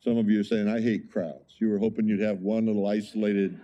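Emphatic, mellow-voiced male preacher. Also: fairly low pitch, flat delivery, fast, muffled recording. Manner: emphatic, conversational, rhetorical questions. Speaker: pastor. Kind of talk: sermon.

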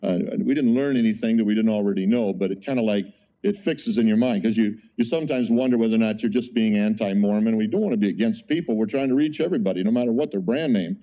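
A man preaching a conversational sermon as a pastor, telling an animated story with frequent exclamations. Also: on the low side, fast, highs cut off.

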